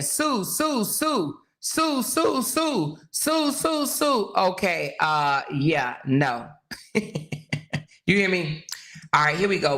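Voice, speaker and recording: A woman's voice: on the low side, fairly bright tone. A woman hosting a live talk stream, chatting animatedly with viewers, laughing often and speaking straight to her audience. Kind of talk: casual gossip chat with live viewers.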